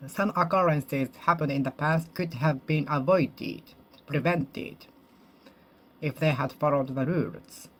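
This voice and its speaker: A native Japanese speaker practicing English alone, slowly repeating and rephrasing each sentence and correcting themselves as they go. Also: medium pitch. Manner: slow, careful, deliberate. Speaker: English learner. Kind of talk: solo speaking practice monologue.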